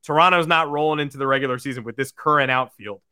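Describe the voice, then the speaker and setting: A man's voice: mid-range voice, fast, bright, forceful tone, clear, resonant tone, no room sound, studio quality. A man co-hosting a sports podcast in upbeat casual talk, reading out listener questions. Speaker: podcast co-host.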